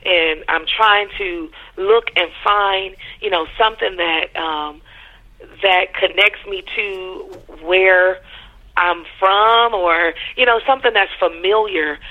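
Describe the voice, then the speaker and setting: A caller calmly retelling a dream in casual speech, often pausing with fillers and restarting sentences. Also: mid-range voice. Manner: hesitant, with frequent fillers and restarts. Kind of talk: casual spoken storytelling. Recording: narrow telephone line.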